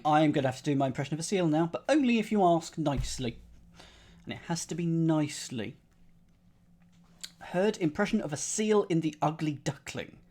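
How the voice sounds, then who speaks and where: Man musing lively over clues. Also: fairly high pitch. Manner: playful, muttering to himself while reasoning. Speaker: streamer solving crosswords. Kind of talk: live-stream puzzle solving, thinking aloud.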